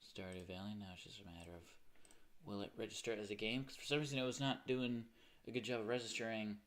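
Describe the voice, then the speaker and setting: Rambling, low-voiced young man streaming games. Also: steady tone, fast. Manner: rambling and chatty, often correcting himself. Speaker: game streamer. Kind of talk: casual livestream chat.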